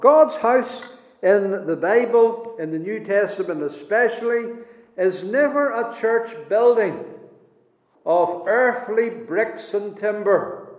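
A man preaching a sermon in a slow, emphatic way, dropping to a hush at key words, recorded in a church. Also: high voice. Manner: slow, emphatic preaching with dramatic drops in volume. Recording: roomy, echoey church hall, dull lo-fi sound.

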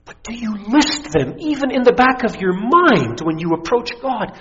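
A man's voice: extremely high pitch, very animated, moderate pace, big-room sound. A middle-aged man, a pastor, preaching a sermon with rising intensity and mocking voices. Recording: dull lo-fi recording.

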